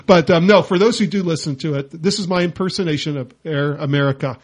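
Joking male radio host with a high, husky voice and a playful, laughing delivery. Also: quick pace. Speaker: radio talk show host. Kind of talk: comedic radio banter.

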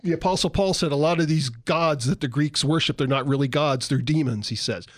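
A man from San Diego, California, co-hosts a Christian radio talk show, teaching about the Bible in a casual, folksy and joking manner and now and then acting out voices. His voice is on the high side and a little fast, captured in clean studio sound with no echo.

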